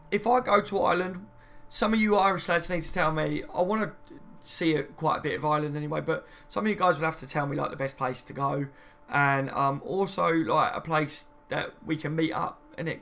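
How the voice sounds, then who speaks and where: Guy on a laid back live stream, gravelly voice, bit high, reads chat out and answers. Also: brisk, pushed and bright. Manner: chatty, reads viewer comments aloud and answers them. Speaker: fan channel host.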